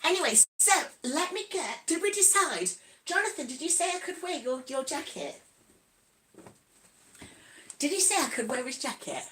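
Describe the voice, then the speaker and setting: A woman's voice: sits high, animated, normal speed, pauses often, pushed and bright. A chatty, giggly woman with an East Midlands accent, talking casually to viewers and reading out their comments. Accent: East Midlands English. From Nottingham, England. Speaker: vlogger. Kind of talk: casual livestream chat.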